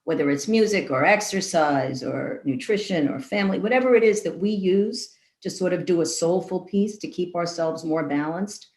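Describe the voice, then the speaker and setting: A woman guest in an interview who answers in a thoughtful, measured way and builds long lists of ideas. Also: lowish voice, a little mellow. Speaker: guest leader. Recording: echoey room.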